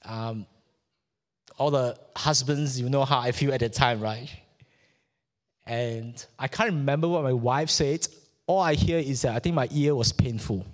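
A middle-aged man from Malaysia preaching a sermon, telling a personal story and stumbling over repeated words as his fervor builds. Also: medium pitch. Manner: halting and repetitive, rising with fervor. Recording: long hall reverb.

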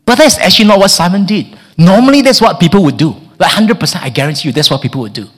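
A man preaching a sermon in a lively way. He often stammers and repeats words, and he acts out the people in the story. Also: high-pitched, fast talker, breathy edge.

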